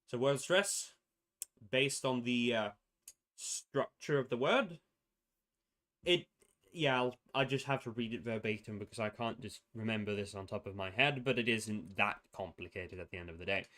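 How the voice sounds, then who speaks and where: A man's voice: mid-range voice, moderate pace, a bit bright. A young man casually explaining a constructed language's sound rules on a livestream, rambling and correcting himself as he goes. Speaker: streamer presenting a constructed language.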